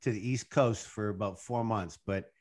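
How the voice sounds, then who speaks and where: A man's voice: fairly low pitch, normal speed. A man in his sixties, co-hosting a podcast over a video call, chatting affectionately and encouragingly with a friend. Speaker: podcast co-host. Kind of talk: casual chat.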